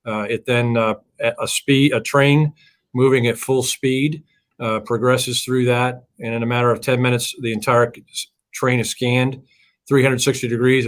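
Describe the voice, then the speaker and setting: Flat-voiced male CEO guest. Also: medium pitch, normal speed. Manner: hesitant, many fillers. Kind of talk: interview answers.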